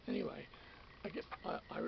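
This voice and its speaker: A channel host with an Australian accent rambles through an everyday story in a casual monologue, repeating himself, restarting, and growing indignant. He speaks briskly, and the audio is dull with background noise.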